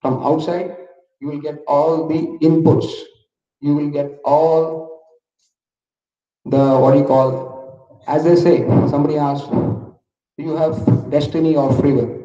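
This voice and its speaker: A man's voice: fairly high pitch, steady tone, unhurried, dark tone, faint music behind. Indian man speaking in an echoey hall. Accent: Indian English. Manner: storytelling, asks audience questions. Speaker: motivational speaker. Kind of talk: motivational talk to students. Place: large hall. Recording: echoey hall from far off, dull.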